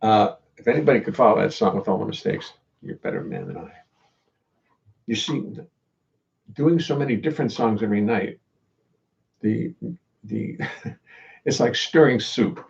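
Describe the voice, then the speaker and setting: Gravelly man rambling between songs. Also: on the low side, very animated, lo-fi sound. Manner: rambling, self-deprecating, halting. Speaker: jazz bassist and singer. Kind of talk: casual chat between songs on a livestream.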